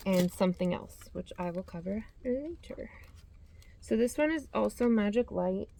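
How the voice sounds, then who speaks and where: A woman's voice: medium pitch, expressive, normal speed, vocal fry, mellow. A woman hosting a yarn vlog, chatting casually as she reads out yarn labels and corrects herself as she goes. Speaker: yarn channel host. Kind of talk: casual show-and-tell vlog.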